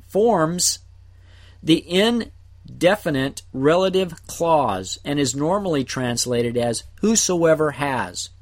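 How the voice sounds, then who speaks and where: A man teaching a Bible passage verse by verse, explaining Greek words in short, deliberate phrases. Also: on the high side, fairly bright tone. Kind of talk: slow verse-by-verse Greek word study.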